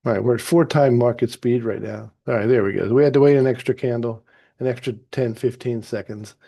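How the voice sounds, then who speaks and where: A man calmly narrating a trade replay as a trading teacher, easygoing and explanatory with some fillers and restarts. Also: medium pitch, a little fast, gravelly. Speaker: trading educator. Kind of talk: narrated chart walkthrough.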